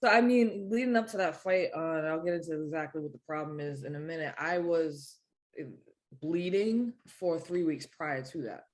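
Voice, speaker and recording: A woman's voice: low voice, moderate pace. A woman boxer in her thirties, chatting as an interview guest, acting out quotes and laughing often as she tells stories. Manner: animated storyteller, acts out quotes, laughs often. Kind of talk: casual interview chat.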